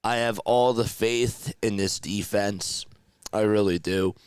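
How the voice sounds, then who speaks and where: A man with a hoarse, strained voice calling a football game live as a fan play-by-play caster, rising to excited shouts before a casual sign-off. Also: fairly low pitch, slow pace, no room sound. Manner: excited calls that rise to shouts.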